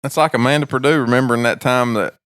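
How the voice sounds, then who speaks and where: A man, co-hosting a podcast in laid-back casual chat with short replies and quick jokes. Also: mid-range voice, steady tone, a bit bright, clean tone, dry recording, clean studio sound. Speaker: podcast co-host.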